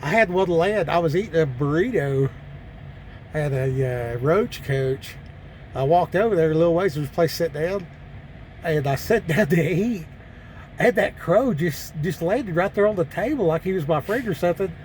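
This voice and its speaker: A man with a slightly high voice tells loose, folksy stories in a country drawl, stopping and restarting as he goes. He talks from his truck cab on a mountain pass. A faint hum of vehicles and open air sits behind him. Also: animated, normal speed, a little mellow. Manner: rambling, folksy, with many fillers and restarts. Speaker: truck driver vlogger. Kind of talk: casual storytelling vlog.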